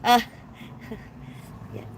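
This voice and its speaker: A woman's voice: extremely slow, slight background noise. An older woman hosting a casual live stream from her van, rambling along and greeting viewers by name.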